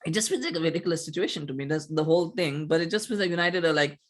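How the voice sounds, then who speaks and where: Fast-talking man hosting football chat. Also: on the high side. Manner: fast, chatty, many filler sounds. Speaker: podcast host.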